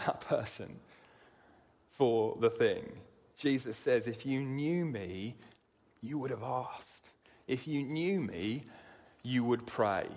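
A male preacher delivers an earnest sermon, repeating his first words before pressing on. His voice sits at an ordinary pitch for a man. The sound rings with the long reverb of a church hall. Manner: earnest, repeats words while starting sentences.

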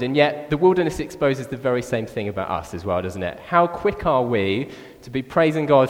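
A man preaching a sermon in a relaxed, chatty way, often saying "like" and "actually". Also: mid-range voice, moderate pace. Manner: conversational, animated, with frequent "like" and "actually". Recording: reverberant church hall.

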